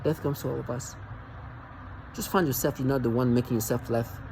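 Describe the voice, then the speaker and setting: A man's voice: mid-range voice, steady tone, a little fast, gravelly, background noise. A man vlogging alone in a rambling, agitated and mocking rant, often stumbling and restarting his sentences. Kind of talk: rambling monologue to camera.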